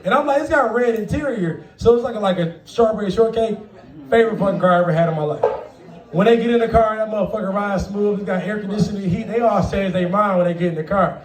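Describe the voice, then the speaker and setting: A man's voice: sits high, echoey room, recorded from a distance. A man performing a profane stand-up comedy set, laughing often and acting out the people in his stories. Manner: profane, laughing, acts out quoted voices. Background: audience laughter.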